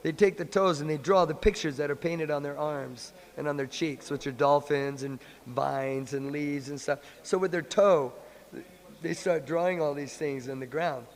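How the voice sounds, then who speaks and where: A man giving a sermon in a temple hall, telling a story in a playful, animated way. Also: a little high, normal speed. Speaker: monk lecturer.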